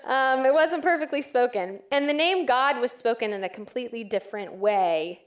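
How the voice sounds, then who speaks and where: A woman's voice: a little high, moderate pace, lo-fi sound. Woman, 30s, from West Texas, church speaker; chatty and self-deprecating, leans on ums. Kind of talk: conversational talk to an audience.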